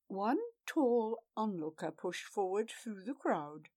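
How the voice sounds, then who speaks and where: A woman's voice: mid-range voice, animated, a little slow, few pauses, dark tone. A woman narrating a fantasy story with dramatic delivery, changing her voice for the characters. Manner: dramatic, shifts voice for each character.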